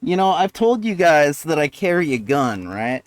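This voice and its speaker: A man's voice: a little high, very animated, moderate pace, low-quality recording. A man vlogging in a rambling, profane, sardonic rant. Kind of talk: rambling monologue to camera.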